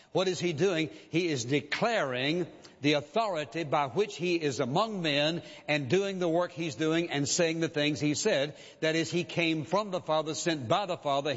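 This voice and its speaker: A man preaching a sermon with emphasis, repeating key phrases and slowing down to quote scripture. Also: on the high side. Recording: dull recording with long reverb.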